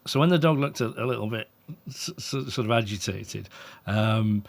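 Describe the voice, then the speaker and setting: An animated man talks through his work as a dog trainer in a relaxed interview. His voice sits in an ordinary middle register. He keeps acting out little bits of other people's speech and laughs often along the way. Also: medium pitch, moderate pace. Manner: animated, acts out quoted voices, frequent chuckles. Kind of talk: conversational interview storytelling.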